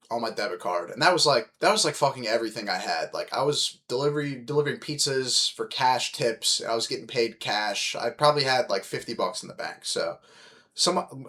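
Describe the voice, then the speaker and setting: A young man hosting a podcast, telling stories in a casual, animated, heavily profane way and calling his listeners dude. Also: mid-range voice. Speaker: podcast host. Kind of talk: casual storytelling chat.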